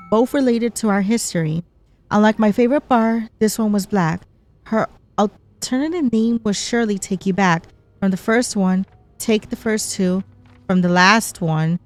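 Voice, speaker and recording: Lady gamer reading in-game letters out loud, casual chat, soft music under her. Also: mid-range voice. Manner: reads on-screen letters aloud, chatty reactions. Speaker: gameplay streamer.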